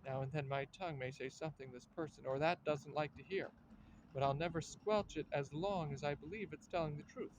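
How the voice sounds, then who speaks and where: A man's voice: on the high side, a little fast, natural voice. Man voicing an earnest coffee shop keeper, proud and plainspoken, radio play, light faint hiss. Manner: earnest, self-assured.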